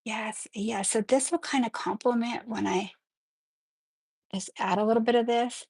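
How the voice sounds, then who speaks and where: Excitable woman with vocal fry. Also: fairly high pitch, moderate pace, no room sound. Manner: chatty, excitable, often apologizing. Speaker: nail artist hosting a live tutorial. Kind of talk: casual live-stream tutorial.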